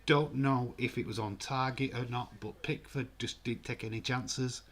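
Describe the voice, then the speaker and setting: A man's voice: mid-range voice, normal speed. Chatty man commenting football. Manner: chatty, excitable, reads viewer comments aloud. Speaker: host of a live football watch-along. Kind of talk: casual live match commentary.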